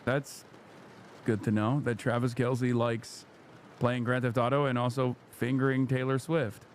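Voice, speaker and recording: Brief: male stream host, mid-pitched voice, dry sarcastic delivery. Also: unhurried, a little hiss or hum. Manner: sarcastic, deadpan asides. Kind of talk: casual livestream commentary.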